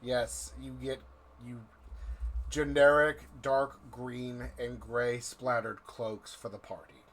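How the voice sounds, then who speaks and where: Slow-talking man running a tabletop game. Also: mid-range voice, little pitch movement, a bit bright. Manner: slow, drawn-out, vivid description. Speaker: game master.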